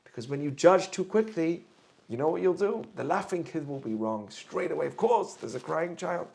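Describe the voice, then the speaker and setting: Gravelly-voiced rabbi teaching a lesson. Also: male voice, fairly high pitch, animated, normal speed, a little mellow. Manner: earnest, explains with everyday examples. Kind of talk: torah class talk.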